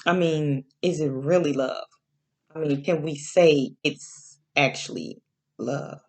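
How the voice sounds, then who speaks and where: A woman whose voice sits low teaches a Bible lesson in an easygoing sermon style. Her pace is slow and repetitive, punctuated by frequent "okay?" checks and drawn-out key words.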